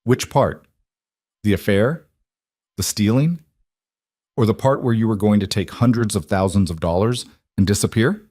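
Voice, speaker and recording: A grown son reeling from betrayal, his low voice bitter and raw, done by a male narrator. The sound is dry and close, with nothing around it. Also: moderate pace, pauses often, a little mellow, dry recording, lightly acted. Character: betrayed grown son, angry then tearful.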